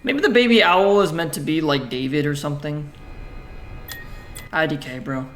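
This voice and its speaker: Reading a text adventure's prose out loud, a male gaming streamer offers relaxed commentary, occasional swearing, and joking self-talk. His voice is a little high and somewhat bright at a moderate pace, over slight background noise.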